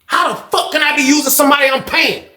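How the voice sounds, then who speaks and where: Brief: a man doing a bossy, scornful inmate, high and barking, very lively. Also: moderate pace, echoey room. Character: arrogant bossy male inmate who pays for protection.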